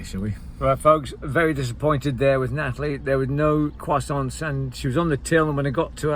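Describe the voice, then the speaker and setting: A man's voice: medium pitch, a little hiss or hum. A Scottish man in his fifties, rambling casually to camera as a vlogger and often digressing. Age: 50s. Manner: rambling, digressive, keeps calling viewers "folks".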